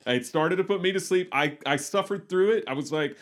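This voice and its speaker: A man's voice: sits high, fairly quick. Rambling man on a movie podcast. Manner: rambling, self-correcting, wry. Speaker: podcast co-host. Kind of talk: casual movie podcast chat.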